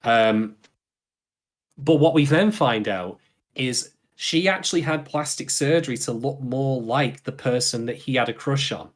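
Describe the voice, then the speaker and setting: A man's voice: medium pitch, unhurried. Chatty man co-hosting a podcast. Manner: chatty, self-correcting, laughs often. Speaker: podcast co-host. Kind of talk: casual podcast discussion.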